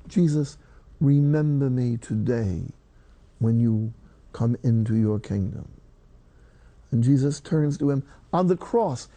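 A man's voice: medium pitch, warm tone, no echo. An older man, a priest, preaching a sermon in a folksy, emphatic way, quoting scripture.

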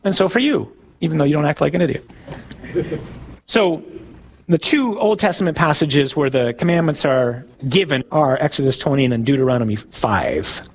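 A man's voice: a little high, expressive, normal speed, gravelly, a little hiss or hum. A man, a priest giving a conversational sermon who asks his listeners questions, tells jokes and laughs at his own stories.

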